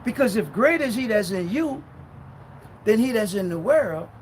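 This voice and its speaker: A man preaching a sermon in a loud, fiery way, swinging between shouting and low muttering. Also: animated, normal speed, a little hiss or hum, rough recording. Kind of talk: street-style sermon.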